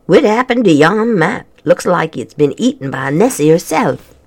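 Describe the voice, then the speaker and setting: A narrator doing a gruff Scottish hermit man. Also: medium pitch, sing-song, moderate pace, very noisy. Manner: gruff, grumbling. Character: grumpy little bearded male hermit.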